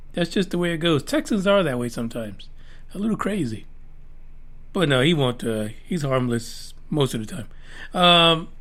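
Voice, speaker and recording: A middle-aged man hosts a podcast in a high, fairly bright voice, talking casually in a rambling, jokey style and swearing a lot.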